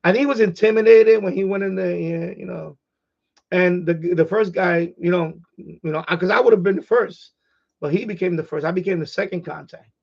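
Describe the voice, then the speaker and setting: A man's voice: high-pitched, fairly even intonation, normal speed, gravelly, muffled recording. A man hosting a casual ham radio live stream, rambling and repeating himself as he gets heated.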